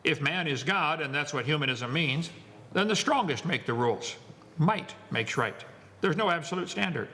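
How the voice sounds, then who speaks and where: A man's voice: a little high, animated, moderate pace, bright, forceful tone, long reverb tail. A man giving a lecture to an audience, wisecracking, preachy and emphatic. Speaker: seminar speaker.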